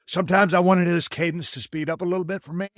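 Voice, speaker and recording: A man's voice: sits high, fairly even intonation, fast, dry recording, studio quality. A man hosting a podcast conversation, talking in a folksy, blunt way with casual cursing. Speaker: podcast host.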